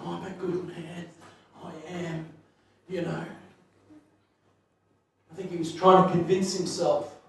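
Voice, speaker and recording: Animated preacher in an echoey hall. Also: male voice, fairly high pitch, distant mic, slight background noise. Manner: animated, laughing storyteller who swings from loud to hushed. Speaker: pastor. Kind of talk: sermon storytelling.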